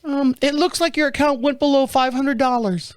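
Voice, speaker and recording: A man voicing a young female bank phone representative who speaks in a high, hesitant customer-service voice. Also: fairly even intonation, moderate pace, dry recording, studio quality, natural voice. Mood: meek.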